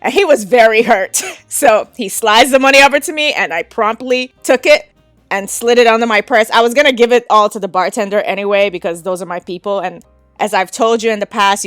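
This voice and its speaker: A woman's voice: medium pitch, fairly quick, a bit bright, no room sound, soft background music. A woman podcast host telling a frank, casual story and laughing often.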